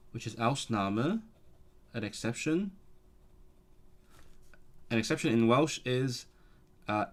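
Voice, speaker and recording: A man who runs a language-learning channel thinks aloud while studying, free-associating between languages and correcting himself along the way. His voice is medium-pitched with a fairly bright tone.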